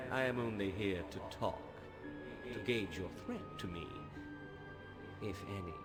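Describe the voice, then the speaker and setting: A man's voice: lowish voice, slow pace. A man voicing a scheming, petulant male god of murder in a game's dialogue, sarcastic and self-important, with game music behind him. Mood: mocking.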